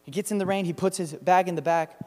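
A man preaching a sermon, telling stories in an animated, emphatic way. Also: high-pitched, fast talker, in a large hall. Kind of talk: sermon with storytelling.

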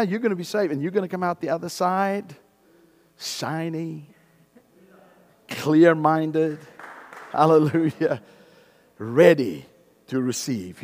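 Slow, emphatic preacher man. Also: medium pitch, a little mellow. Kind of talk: sermon.

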